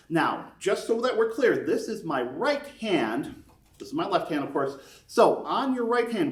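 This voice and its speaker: A man teaching beginners a brass lesson step by step, counting beats aloud and encouraging them. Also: high-pitched. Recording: echoey room, mic at a distance.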